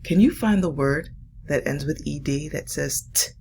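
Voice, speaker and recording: Woman, first grade teacher, low gravelly voice, encouraging, phonics lesson. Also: darkish tone, a little hiss or hum. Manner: slow, patient, encouraging teacher talk to young children. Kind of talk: remote phonics lesson and read-aloud.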